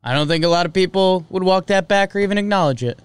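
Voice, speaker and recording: A young man hosting a casual sports talk livestream, chatty and joking, with sudden energetic bursts. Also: high voice, quick pace, clean tone, no echo, studio quality. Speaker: sports show host.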